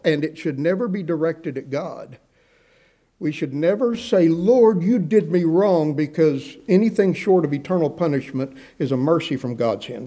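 A man's voice: on the high side, dark tone. A man preaching a sermon, earnest, acting out the words of the people in his text and asking his listeners questions. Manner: earnest preaching, acts out quoted speakers; asks the congregation questions. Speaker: pastor.

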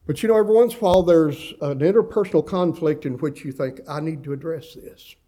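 A man's voice: a little high, fast talker, mellow. A middle-aged man preaching a sermon in a folksy, conversational way, with humorous asides. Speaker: pastor.

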